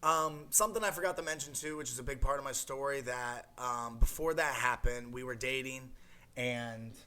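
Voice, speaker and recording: A man's voice: medium pitch, moderate pace, pushed and bright. A young adult man telling his recovery story in an interview, rambling with many fillers and restarts. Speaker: guest sharing a recovery story. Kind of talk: emotional personal testimony.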